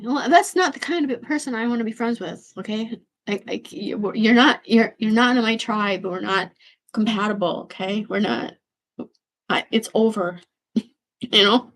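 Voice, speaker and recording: A woman with a high voice rants to her livestream. Her voice is shaky, tearful and slightly hoarse. She talks in halting, repetitive bursts and swears without holding back. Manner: rambling, stammering, repeating herself; blunt, swears freely. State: hoarse from losing voice. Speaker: livestream host. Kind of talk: emotional venting rant.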